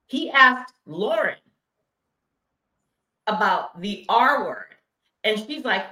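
A woman's voice: medium pitch, big pitch swings, slow pace, pauses often, sharp tone, echoey room, low-quality recording. A woman co-hosting a casual reality TV recap, talking expressively, reading from her notes and quoting what people said. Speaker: podcast co-host.

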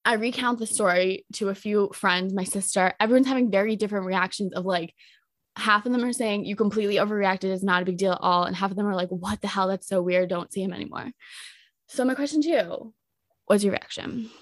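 A young woman cohosts a chatty podcast and tells a story at a quick clip, full of fillers. She acts out what people said with lively jumps in pitch. The mic sounds close and dry. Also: dry recording. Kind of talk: casual storytelling chat.

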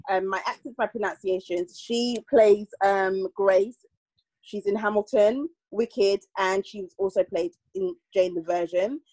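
A woman's voice: medium pitch, measured pace, mellow, no room sound, low-quality recording. A young woman co-hosting a podcast, chatting casually and correcting herself as she reviews a series. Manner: chatty, rambling, self-correcting. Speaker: podcast co-host.

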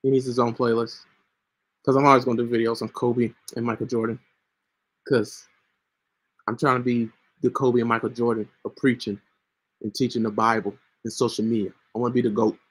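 With little pitch movement in his mid-range voice and a slightly quick pace, a Christian podcast host gives a casual but earnest Bible lesson, repeatedly asking "right?". Bouts of coughing cut in along the way. He records through a home computer mic while screen sharing.

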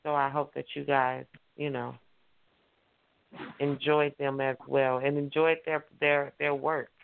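A man's voice: medium pitch, little pitch movement, measured pace, creaky, clean tone. Hyped man hosting on a tinny phone line. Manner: hyped, repetitive, call-and-response. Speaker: online radio host. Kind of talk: casual radio show talk.

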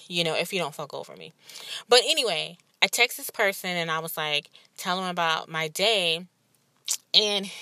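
A woman's voice: fairly low pitch, bright, forceful tone, dry recording. A woman in her thirties, a podcast host and life coach, telling a personal story in a candid, rambling, emotional way. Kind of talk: casual personal monologue.

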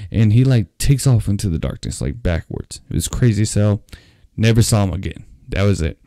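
A man's voice: fairly low pitch, brisk, mellow, no room sound, studio quality. A man casually retelling a scary personal story in a rambling, profane way.

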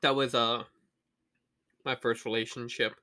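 A man's voice: medium pitch, level tone, unhurried, bright, forceful tone, smooth. A man co-hosting a podcast in casual chat, joking and candid about his past. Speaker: podcast co-host.

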